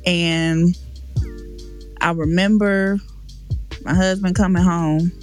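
A woman's voice: fairly low pitch, steady tone, takes it slowly, faint music behind. A woman guest on a podcast, telling a painful personal story in a frank, emotional, slangy way with many restarts.

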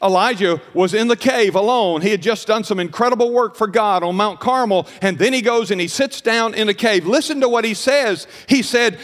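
A pastor with a high voice preaches to his congregation, reading scripture slowly and earnestly. His words ring out with a long reverb in a church sanctuary. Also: animated, a bit bright. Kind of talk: sermon.

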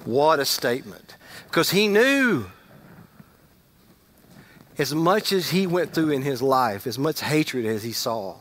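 A middle-aged male pastor giving a conversational sermon, rising to loud emphasis and dropping to quiet asides. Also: medium pitch, animated, takes it slowly, pauses often, slight background noise.

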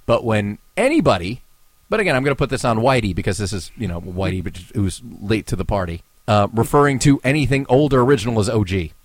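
A man's voice: on the low side, animated, quick pace, no room sound. A young man from New Jersey with a New Jersey accent, co-hosting a podcast in casual, joking chat and swearing freely. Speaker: podcast co-host.

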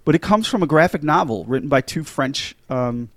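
A man's voice: fairly high pitch, animated, normal speed, no room sound, studio quality. A middle-aged man hosting a casual movie podcast, chatty and enthusiastic, with many fillers and restarts. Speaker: podcast host.

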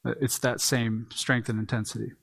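A man giving a sermon from the pulpit, explaining a text verse by verse. He talks in a plain, conversational teaching manner and sometimes restarts a phrase, with a voice of ordinary middle pitch. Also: flat delivery, moderate pace, vocal fry, a bit bright, slightly rough. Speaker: pastor.

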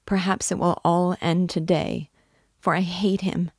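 Woman reading young woman in love, pleading, halting, low pitch, slow. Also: steady tone, no room sound, clean studio sound. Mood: impassioned. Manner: pleading, halting, breaks off mid-sentence. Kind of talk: dramatic reading of a novel.

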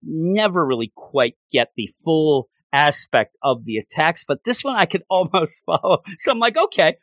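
Animated rambling man, dry sound. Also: a little high, moderate pace, no echo. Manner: animated, rambling, many restarts and fillers. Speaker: podcast co-host. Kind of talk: casual chat reviewing manga.

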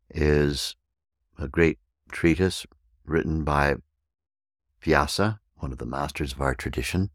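A man hosting a podcast and teaching meditation, speaking deliberately and spelling out words letter by letter. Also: a bass voice, no echo, clean studio sound.

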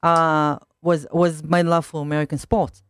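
A woman's voice: low voice, flat delivery, normal speed, smooth, no room sound. A woman from Israel with an Israeli accent, a journalist being interviewed in a radio studio, often restarting and repeating words as she finds her thought. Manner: hesitant, repeats words when starting a thought. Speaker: guest journalist.

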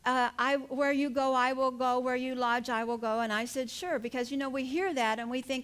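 An older woman delivers a sermon in a high, light voice. She tells the story in a lively, animated way and laughs now and then. She presses each point home with emphatic appeals to her listeners. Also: moderate pace, few pauses, smooth. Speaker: preacher.

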